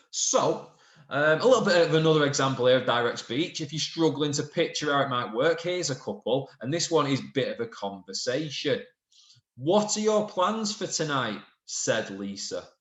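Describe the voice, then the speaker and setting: A man's voice: mid-range voice, fairly bright tone, echoey room. A man teaching a recorded lesson, patiently explaining and reading out example sentences with changing emphasis. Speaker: primary school teacher.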